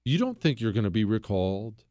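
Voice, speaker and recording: A man's voice: on the low side, very animated, a little fast, warm tone, no echo. A male talk show host delivering a fiery, opinionated monologue, hammering his points and repeating phrases for punch.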